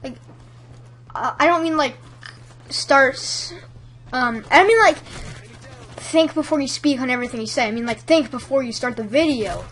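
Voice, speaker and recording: Woman giving vlog tips, high-pitched, bright and forceful, rambling with fillers. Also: moderate pace, long pauses. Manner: chatty, rambling, lots of "like" fillers. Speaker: YouTube commentator giving tips. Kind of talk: casual tutorial vlog.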